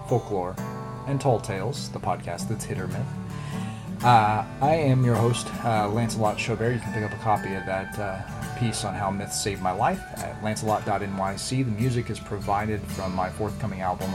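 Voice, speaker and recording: A man hosting a podcast and reading a fable aloud in a relaxed bedtime story style, with the odd "uh". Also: lowish voice, moderate pace, over music. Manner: relaxed, with filler "uh"s. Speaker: podcast host and reader.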